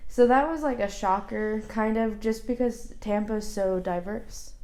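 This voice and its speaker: A woman's voice: medium pitch, a little slow, dark tone. A young woman chatting casually as a video co-host, blunt and matter-of-fact. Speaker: YouTube co-host. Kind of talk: casual chat.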